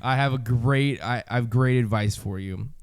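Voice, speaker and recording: Male co-host, clear everyday voice, loose and rambling delivery. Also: medium pitch, normal speed. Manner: rambling, restarts, laughs often. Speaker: podcast co-host. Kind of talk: casual chat.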